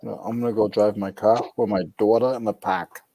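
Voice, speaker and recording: A man's voice: lowish voice, fairly even intonation, fairly quick, warm tone, dry recording. A man from New England with a Rhode Island accent, joking in a laid-back casual chat on a podcast.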